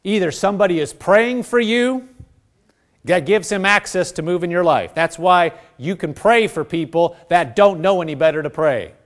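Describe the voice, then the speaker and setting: A man's voice: high-pitched, expressive, normal speed. A man preaching a sermon, earnest, acting out the prayers of the people he addresses. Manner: earnest, acts out prayers in quoted voices.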